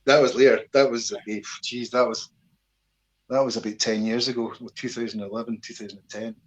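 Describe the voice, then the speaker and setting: A Scottish man and army veteran, talking as an interview guest in a casual, animated storytelling way, swearing freely and acting out voices. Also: medium pitch, a little fast, rough recording.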